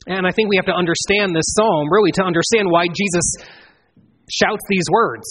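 Preaching an expository sermon a little fast, an earnest man with a husky, slightly high and bright voice rises into emphatic swells, then sinks back down. His words echo with a long hall reverb.

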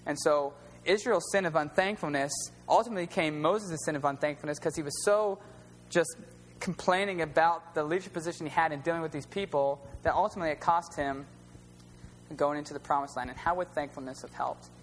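A man's voice: fairly high pitch, brisk, faint music behind. A man preaching a sermon in a conversational storytelling way, using plain everyday wording. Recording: long reverb with faint hum.

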